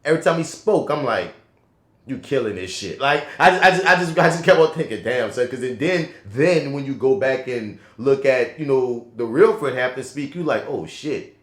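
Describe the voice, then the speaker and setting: A man co-hosting a casual film review podcast, talking in an animated, slangy and profane way that swings between loud and soft. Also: mid-range voice, moderate pace, hardly any pauses. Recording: echoey room.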